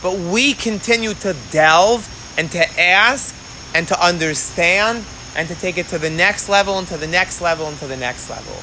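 A man's voice: high-pitched, moderate pace, pushed and bright, a little hiss or hum, rough recording. A man teaching a Talmud class outdoors in the rain. He talks with animation, asks rhetorical questions and mixes in Hebrew and Aramaic phrases. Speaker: Torah teacher.

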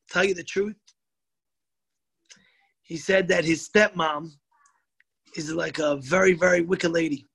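A man with a high, light voice delivers a story-driven sermon. He gets animated and slows down to stress the moral. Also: slightly rough, low-quality recording.

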